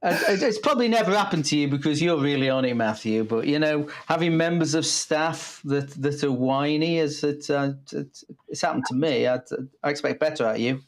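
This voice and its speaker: A middle-aged man co-hosting a casual business chat from an office, halting and repeating words, with a dry sense of humor. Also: fairly high pitch. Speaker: co-host, business trainer. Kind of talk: casual live-stream chat.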